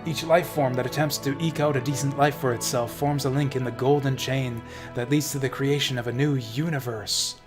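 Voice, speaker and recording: A man streaming a game, reading its lines aloud with some drama before slipping into casual, swearing commentary. His voice sits at an ordinary middle pitch. Soft game music plays underneath. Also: fairly even intonation, moderate pace, hardly any pauses. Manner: dramatic reading, drifting into casual, profane asides. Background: faint game music.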